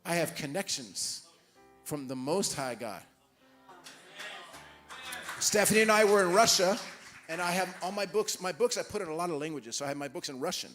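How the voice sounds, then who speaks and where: A man preaching a sermon in a church, telling stories and acting out the dialogue with animated restarts. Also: sits high, normal speed, pauses often, faint music behind. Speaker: guest preacher. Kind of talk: sermon with storytelling. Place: church hall.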